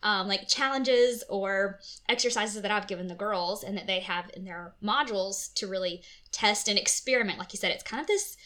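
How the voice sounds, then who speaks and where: A woman's voice: medium pitch, normal speed, hardly any pauses, a bit bright. A woman hosting a podcast, eagerly summarizing her guest's points and talking straight to her listeners. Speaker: podcast host. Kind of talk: conversational podcast interview.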